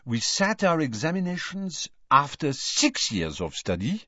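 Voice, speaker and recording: A man's voice: a little high, very animated, bright, forceful tone, no echo, highs cut off, pitched above the performer's own voice, exaggerated voice. A man voicing a serene, complacent young foreign witch who speaks smugly and without hurry, in an audiobook. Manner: smug, unhurried.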